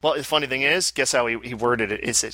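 A man's voice: mid-range voice, fast, sharp tone, no room sound. A man co-hosting a podcast, chatting casually and restarting phrases as he explains things. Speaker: podcast co-host. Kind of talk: casual chat.

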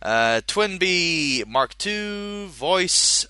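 A man's voice: mid-range voice, animated, takes it slowly, bright, forceful tone, no room sound, clean studio sound. A man hosting a podcast, chatting casually and jokily, rambling with many fillers. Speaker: podcast host. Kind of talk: casual chat.

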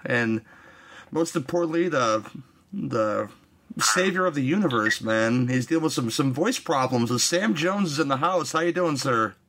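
A man's voice: medium pitch, fairly bright tone. A man hosting a casual podcast interview, rambling and hesitant with many fillers. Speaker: podcast host.

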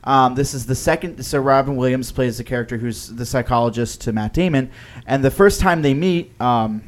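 A man in casual conversation on a film podcast, his voice sitting at an ordinary middle pitch. He talks loosely and hesitantly, circling back, restarting sentences, and filling pauses with "um" and "like.". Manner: hesitant, lots of "like" and "um" with frequent restarts. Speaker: podcast co-host. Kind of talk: casual film-discussion chat.

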